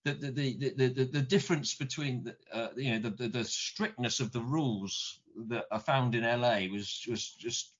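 A man's voice: mid-range voice, normal speed, hardly any pauses, breathy edge. Rambling British man telling anecdotes. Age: middle-aged. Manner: rambling, repeats words, mild swearing. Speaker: guest. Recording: dull lo-fi recording.

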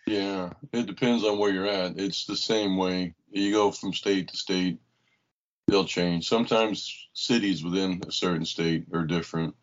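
A very deep-voiced man adding short, easygoing remarks as the interviewer. The recording is muffled and lo-fi. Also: unhurried. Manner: brief, relaxed replies. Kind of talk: casual chat. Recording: dull lo-fi recording.

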